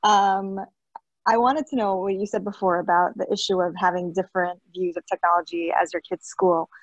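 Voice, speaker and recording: A woman's voice: fairly low pitch, steady tone, moderate pace, dry recording, muffled recording. A woman calling in with a question, speaking hesitantly with a few nervous apologies. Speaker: caller asking a question. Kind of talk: casual question on a call. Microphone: video call, camera off.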